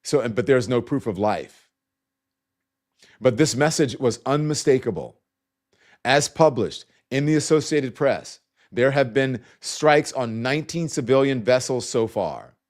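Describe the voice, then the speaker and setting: A man's voice: mid-range voice, lively intonation, unhurried. A middle-aged man hosting a live online news talk show, loose and conversational, greeting viewers and breaking off to talk to his staff. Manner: loose and conversational, with frequent restarts and asides to staff. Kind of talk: live-stream news commentary with viewer shout-outs.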